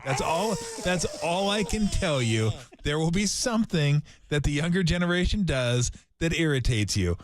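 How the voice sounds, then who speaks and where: A man's voice: a little high, dry recording. A man co-hosting a sports radio show, ranting emphatically in a mock-grumpy way during casual studio banter. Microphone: studio microphone.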